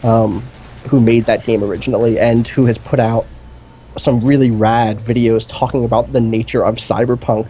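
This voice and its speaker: Mellow-voiced man in excited rambling chat. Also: medium pitch, moderate pace, slight background noise. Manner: enthusiastic, rambling, many fillers. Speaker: co-host of a gaming stream. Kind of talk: casual chat. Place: indoor streaming setup.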